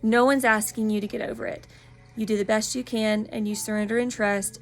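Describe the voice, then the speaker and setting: Gravelly earnest woman in her thirties. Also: a little high, level tone, brisk, soft background music. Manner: earnest, encouraging, openly personal. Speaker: spiritual wellness practitioner. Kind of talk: casual vlog monologue.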